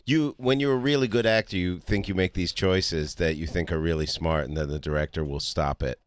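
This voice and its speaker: A male comedian guest speaking deadpan and ironic in casual chat. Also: deep voice, fairly quick, clear, resonant tone.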